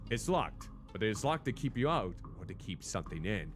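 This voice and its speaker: A man's voice: on the low side, big pitch swings, normal speed, hardly any pauses, soft background music. A man streaming a game, reading its text aloud theatrically and making joking asides.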